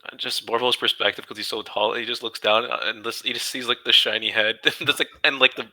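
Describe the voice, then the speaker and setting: A man's voice: medium pitch, steady tone, quick pace, bright, forceful tone, poor audio. A man playing a tabletop game, describing his character's actions in a casual, playful and rambling way. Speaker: player.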